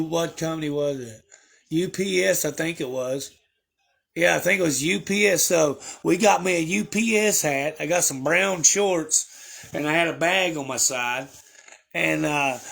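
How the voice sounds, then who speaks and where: A man's voice: fairly high pitch, creaky, a bit bright, breathy edge. A young man chatting casually to his viewers, telling a rambling story with crude slang and lots of fillers. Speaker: livestreamer.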